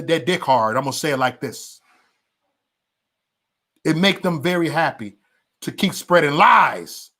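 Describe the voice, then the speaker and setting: A man's voice: on the high side, bright, forceful tone. A man hosting a livestream, ranting heatedly and profanely at his viewers with emphatic repetition and stammered restarts. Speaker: livestream host.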